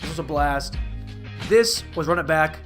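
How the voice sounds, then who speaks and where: A man hosting a comedic movie recap, rambling off on tangents with sudden bursts of excitement. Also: on the high side, moderate pace, soft background music. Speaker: host.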